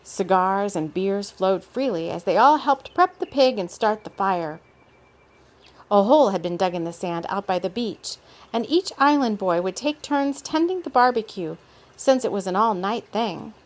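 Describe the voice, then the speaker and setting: A woman reading her own story aloud in a relaxed way, stopping now and then for unscripted asides. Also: medium pitch, moderate pace. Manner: relaxed, with off-script asides and laughs.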